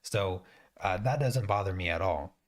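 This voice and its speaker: A man's voice: deep voice, moderate pace. A man hosting a painting stream, chatting casually as he works and thinking aloud with frequent restarts. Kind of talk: casual chat while painting.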